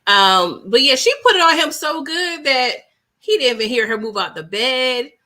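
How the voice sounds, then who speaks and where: Lively, playful woman panelist. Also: high voice, moderate pace. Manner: playful, giggly storytelling. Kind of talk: casual recap chat.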